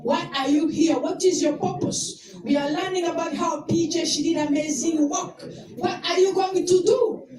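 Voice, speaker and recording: Brief: woman from Rwanda, high voice, impassioned memorial speaker, distant mic with a crowd behind. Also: steady tone, moderate pace. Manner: emotional, rising to loud exclamations. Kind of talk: impassioned tribute speech. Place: indoor event hall. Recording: echoey hall recorded from far off with crowd. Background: crowd of attendees.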